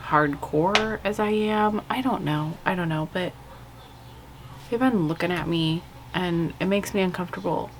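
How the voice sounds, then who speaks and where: Woman, home makeup vlogger, low-ish voice, slow and rambling chat, faint noise behind. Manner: chatty, rambling, candid, frequent "like" and "you guys". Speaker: beauty vlogger. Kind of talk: casual chat while doing makeup. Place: home with kids' video playing behind.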